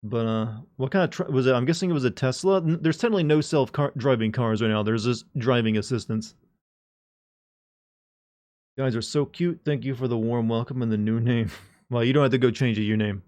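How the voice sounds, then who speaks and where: A man's voice: medium pitch, fairly quick, a little mellow. Rambling joking male streamer. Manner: joking, rambling, talks to chat. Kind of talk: casual live-stream chat.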